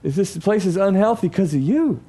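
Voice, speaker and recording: A man with a high-pitched voice gives a teaching talk to an audience. He is animated and acts out his examples. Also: normal speed, breathy edge. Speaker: speaker.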